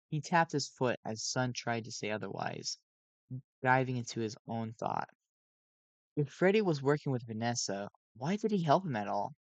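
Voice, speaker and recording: A man's voice: mid-range voice, dry recording, highs cut off. A sleep-deprived man reading a fan story aloud on a cheap home mic, often stumbling and correcting himself. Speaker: fan reader. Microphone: cheap home microphone.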